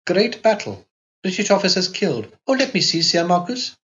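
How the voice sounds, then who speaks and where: A male audiobook reader voicing an impulsive, tender young woman in a quick, pleading, raised voice. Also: high-pitched, big pitch swings, a bit bright, voice pushed up. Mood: eager. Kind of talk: audiobook character voice. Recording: dull lo-fi recording.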